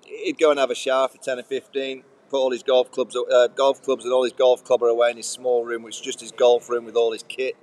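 A man's voice: mid-range voice, flat delivery, fairly quick, few pauses, a little mellow. A man, a podcast co-host, telling rambling anecdotes in a casual chat, listing details with fillers. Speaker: co-host, former cricketer.

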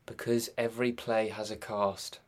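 An actor guesting on a podcast, polite and easygoing in brief replies. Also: male voice, lowish voice, little pitch movement, moderate pace. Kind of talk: casual podcast chat.

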